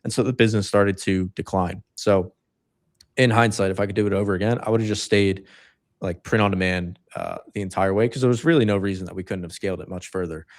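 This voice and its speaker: Low-voiced man telling rambling stories. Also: steady tone, quick pace. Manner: rambling storytelling with fillers. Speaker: livestream co-host. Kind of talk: casual livestream chat.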